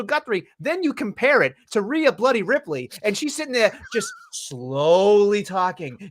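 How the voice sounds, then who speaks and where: A man's voice: high-pitched, a bit bright. A man co-hosting a wrestling podcast, blunt and profane, ranting in casual chat.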